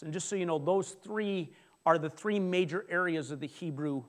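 A man preaching a sermon, animated and conversational, with frequent restarts and asides to the congregation. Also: a little high, moderate pace. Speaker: pastor.

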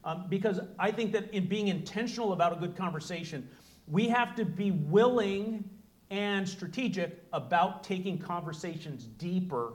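Presenter: man with a high, light voice, earnest and explanatory, speaking to a live audience. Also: normal speed. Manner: earnest, explanatory, acts out short dialogues. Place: room with an audience.

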